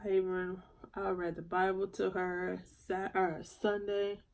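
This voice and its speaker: A woman, chatting casually while doing her makeup for a vlog, soft-spoken and halting as she talks through grief. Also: mid-range voice, little pitch movement, creaky. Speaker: beauty vlogger. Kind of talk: casual get-ready-with-me chat.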